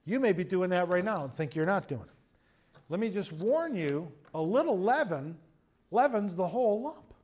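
A man, a pastor telling a story in a conversational sermon, moving between loud emphasis and quiet asides. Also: high-pitched, big pitch swings, moderate pace. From United States.

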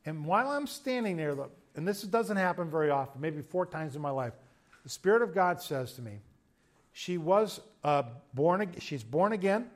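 A man, a pastor telling a story in a conversational sermon, moving between loud emphasis and quiet asides. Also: fairly high pitch, lively intonation, normal speed. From United States.

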